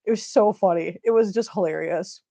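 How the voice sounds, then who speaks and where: A woman's voice: medium pitch, brisk, creaky, warm tone. A middle-aged woman with an Upper Midwest American accent, chatting casually on a live stream, laughing often and reading viewer comments aloud.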